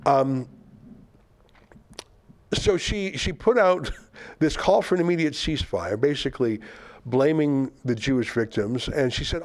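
A man's voice: mid-range voice, expressive, unhurried. An older man hosting a political commentary show, sarcastic and indignant as he mocks the statements he reads out.

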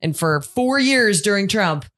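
A woman's voice: mid-range voice, lively intonation, measured pace, a bit bright. A woman co-hosting a podcast, sarcastic and opinionated in casual banter.

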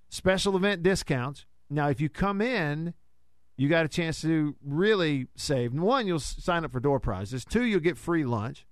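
A man hosts radio from a studio, easing through live ad reads with homespun jokes. His voice sits a bit high for a man. The sound is close and dry. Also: expressive, normal speed, clear, resonant tone, no room sound. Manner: folksy, joking asides. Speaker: sports radio host reading live ads. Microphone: studio microphone.

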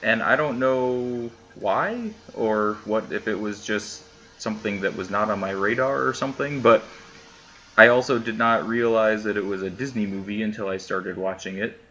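A man's voice: fairly low pitch, normal speed, sharp tone, muffled recording, slight background noise. A man co-hosting a podcast, talking casually with hesitant restarts and trailing phrases. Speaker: podcast co-host. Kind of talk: casual film discussion.

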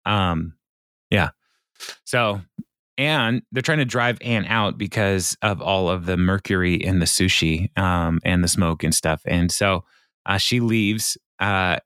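A man's voice: sits low, slow pace, fairly bright tone, clear, resonant tone, no echo, clean studio sound. A man co-hosting a podcast, retelling scenes in a rambling casual way and chuckling often. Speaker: podcast co-host. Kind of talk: casual chat.

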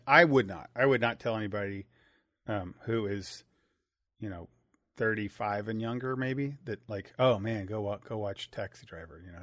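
Halting podcast host, dry close mic. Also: male voice, fairly low pitch, fairly bright tone, no room sound. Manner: halting, restarts words often. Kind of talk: casual chat.

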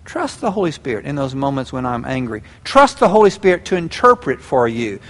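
A man preaching a sermon, folksy and animated, acting out little scenes. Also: mid-range voice, a little fast. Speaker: pastor. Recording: long hall reverb.

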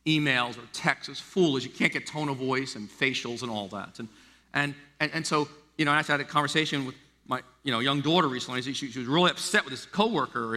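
A middle-aged American man preaching a sermon, animated and acting out the voices he quotes. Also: fairly high pitch. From United States. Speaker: pastor. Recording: long hall reverb.

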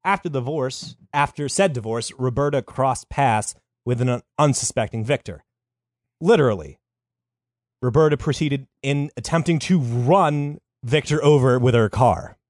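A man's voice: mid-range voice, moderate pace, dry recording, studio quality. A man hosting a podcast, telling a story in casual chat with crude jokes and frequent fillers.

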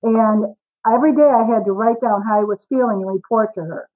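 A woman in her forties, a guest author on a podcast interview, telling stories with lively acted-out dialogue. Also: a little high, fairly quick, lo-fi sound. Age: 40s. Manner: animated storyteller, acts out dialogue.

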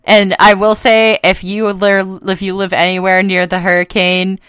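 A woman's voice: medium pitch, level tone, moderate pace, a bit bright, clean tone. Rambling, laughing woman podcaster. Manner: laughing, rambling, swearing freely. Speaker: podcast co-host. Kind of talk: casual chat.

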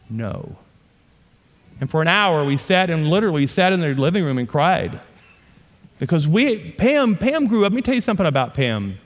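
A man preaching a sermon and telling a story, moving between loud, animated bursts and hushed asides. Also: fairly high pitch, big-room sound. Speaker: pastor.

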